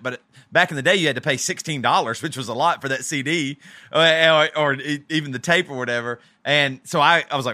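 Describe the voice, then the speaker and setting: Fast, bright-voiced male host. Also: a little high, dry recording. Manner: animated, tells stories with quoted asides. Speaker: podcast host. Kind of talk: casual chat.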